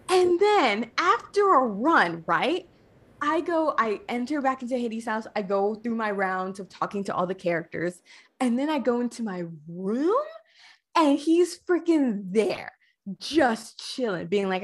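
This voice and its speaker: A woman guest on a podcast, talking casually about a video game in a gushing, animated way with many fillers. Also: on the high side, normal speed.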